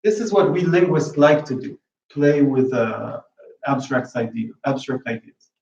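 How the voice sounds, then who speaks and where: A man's voice: medium pitch, animated, measured pace, a little mellow, slight background noise. Man lecturing from across a roomy hall. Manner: hesitant, repeats words while thinking. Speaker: linguistics lecturer. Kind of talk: academic talk. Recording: roomy, distant, dull lecture-room recording.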